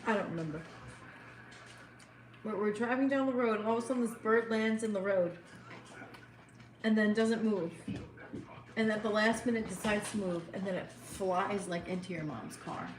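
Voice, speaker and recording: A woman's voice: mid-range voice, moderate pace, long pauses, distant mic. A woman chatting casually and telling stories at a meal, with frequent laughter. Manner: chatty storytelling, laughs often. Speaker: cooking vlogger. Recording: echoey room with noisy background.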